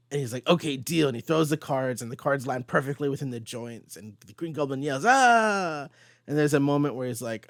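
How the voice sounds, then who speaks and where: A man hosting a casual comic book discussion, recapping pages with animated delivery and quick quoted lines. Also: mid-range voice, no echo, clean studio sound. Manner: animated recapping, quoting characters in passing. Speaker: host.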